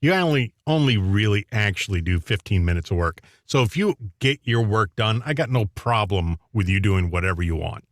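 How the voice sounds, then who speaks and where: A man with a low voice that swings up and down as he talks, co-hosting a casual radio talk show. He sounds opinionated and chuckles often, and his voice is close and dry with no room echo. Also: animated, moderate pace, hardly any pauses.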